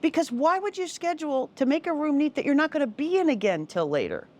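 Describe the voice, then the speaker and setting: A woman's voice: high voice, very animated, fast talker, a little mellow. A woman co-hosting a podcast in a home basement, teasing and bantering playfully in casual chat. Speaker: podcast co-host.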